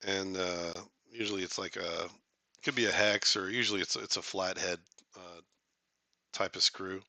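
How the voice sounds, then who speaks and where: Bright-voiced man rambling on a live stream. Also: low voice, fairly even intonation, moderate pace, dry recording. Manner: rambling, joking, with many fillers and restarts. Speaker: artist hosting a live stream. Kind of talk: casual live-stream chat.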